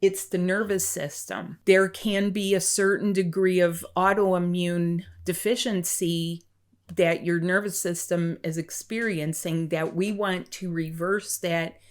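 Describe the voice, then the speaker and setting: Calm woman healer, low voice. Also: measured pace. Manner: asks the listener a string of questions. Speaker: energy healer. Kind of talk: direct-to-camera wellness talk.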